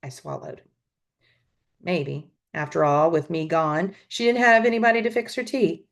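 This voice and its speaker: A woman teacher reading a novel aloud to students with expressive storytelling. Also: on the low side, moderate pace. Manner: expressive storytelling, adds asides.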